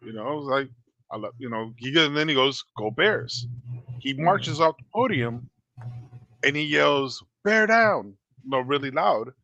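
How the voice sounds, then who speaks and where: A man's voice: mid-range voice, normal speed, gravelly, sharp tone, no echo, dull audio. A middle-aged man co-hosting a casual sports podcast, telling stories bluntly and swearing freely. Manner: blunt, profane storytelling. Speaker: podcast co-host.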